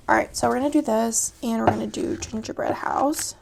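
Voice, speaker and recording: A young woman from Texas chatting casually as she decorates her planner, rambling with many fillers and restarts, and sometimes dropping to a soft murmur while she works. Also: on the high side, expressive, fairly quick, gravelly, few pauses, a little hiss or hum. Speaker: planner vlogger.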